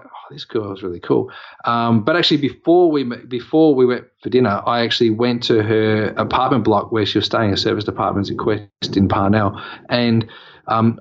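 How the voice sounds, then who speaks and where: A man's voice: mid-range voice, brisk. Picture an Australian man spinning a long anecdote in casual chat, voice sitting in a middling register. He wanders, restarts and fills gaps with "um" as he goes. The sound is a little dull and lo-fi. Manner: rambling anecdotal, many fillers and restarts. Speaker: podcast co-host.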